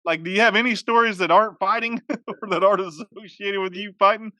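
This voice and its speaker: Man, podcast co-host, casual, joking, slightly high voice, dry sound. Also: steady tone, a little fast, sharp tone, no echo. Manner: joking, chuckles often. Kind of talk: casual chat.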